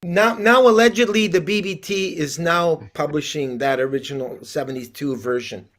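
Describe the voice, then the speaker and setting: A man's voice: on the high side, moderate pace, fairly bright tone. A man in the audience making earnest conversational remarks over a video call. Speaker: devotee in the audience.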